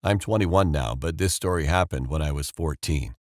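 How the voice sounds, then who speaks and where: A man giving a steady, measured first-person narration of a scripted story. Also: very deep voice, dry recording, studio quality. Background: faint background music.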